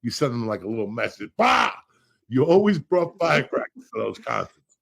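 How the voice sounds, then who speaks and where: A middle-aged man hosting a podcast, a loud, profane storyteller with a gravelly, husky voice. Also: mid-range voice, animated, brisk. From Cuba. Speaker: podcast host.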